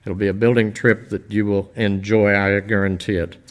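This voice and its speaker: An older man speaking informally to a church congregation, telling stories in a folksy, rambling way with many pauses. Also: on the low side, flat delivery. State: emotional, voice dropping. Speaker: visiting church-building minister.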